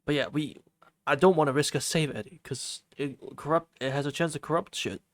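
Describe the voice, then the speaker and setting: A male streamer reading a visual novel aloud and reacting casually, animated and swearing freely while he talks to chat. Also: a little high, fairly quick, no echo.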